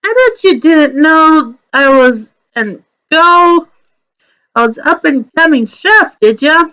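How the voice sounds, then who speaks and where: A woman's voice: sits high, animated, slow, bright, forceful tone, heavily acted. A woman doing Omi, a breezy, eager male rabbit. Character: busy, friendly male rabbit courier and would-be chef.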